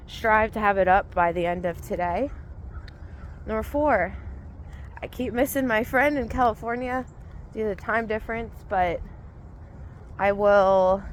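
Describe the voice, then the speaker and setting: Woman, mid-pitched voice, casual rambling chat, outdoors on a walk, faint background noise. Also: rough recording. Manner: relaxed, rambling, thinking aloud. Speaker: vlogger and mindset coach. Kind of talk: casual spoken gratitude journal.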